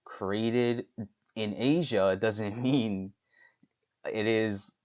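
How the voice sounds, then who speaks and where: A young man hosting a solo talk, speaking haltingly with frequent restarts and fillers. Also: on the low side, steady tone, darkish tone, muffled recording. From United States. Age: young adult. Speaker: podcast host. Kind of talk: unscripted solo talk on stereotypes.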